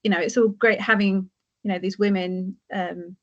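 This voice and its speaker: A woman's voice: medium pitch, fairly even intonation, moderate pace. A woman guest in a casual group chat, telling anecdotes in a chatty way. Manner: chatty storyteller, tells anecdotes. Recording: slightly dull lo-fi sound.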